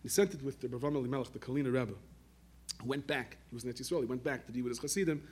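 A man giving a storytelling sermon, animated, weaving Yiddish and Hebrew terms into his talk. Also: mid-range voice, racing, breathy edge. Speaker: rabbi telling stories.

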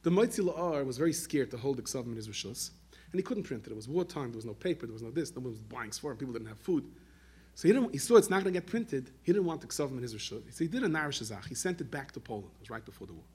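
A man giving a storytelling sermon, animated, weaving Yiddish and Hebrew terms into his talk. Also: medium pitch, rapid-fire, husky. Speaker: rabbi telling stories.

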